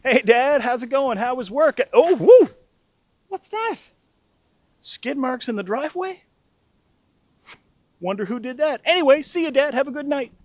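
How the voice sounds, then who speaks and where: A man voicing his flustered teenage younger brother in a high, whiny, stammering tone within a told story. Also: sing-song, unhurried, long pauses, darkish tone, no echo, full character voice. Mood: smug. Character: flustered teenage boy, the younger brother, sheepish then smug. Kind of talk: acted quote in a storytelling piece.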